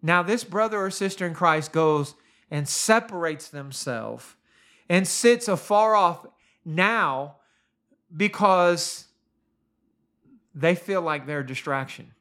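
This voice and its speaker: A man's voice: on the high side, lively intonation, slow, long pauses, a bit bright. A man preaching a sermon, earnest and emphatic, asking the listener pointed rhetorical questions. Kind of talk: sermon podcast.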